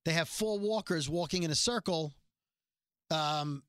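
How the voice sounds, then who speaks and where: A man's voice: on the high side, measured pace, fairly bright tone, smooth, no room sound, studio quality. A man casually recapping a TV episode as a podcast host, chatty and joking, with rambling asides. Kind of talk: casual chat.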